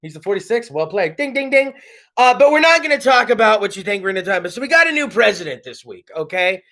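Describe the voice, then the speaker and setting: A man hosting his casual comedy chat show from home, loud and joking. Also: high voice, very animated, fast. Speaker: podcast host. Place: home studio.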